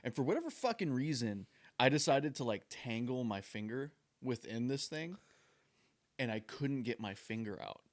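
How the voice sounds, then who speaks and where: A man's voice: mid-range voice, lively intonation, moderate pace. A young man co-hosting a podcast, teasing and laughing while telling stories, with plenty of swearing. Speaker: podcast co-host. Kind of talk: casual chat, storytelling.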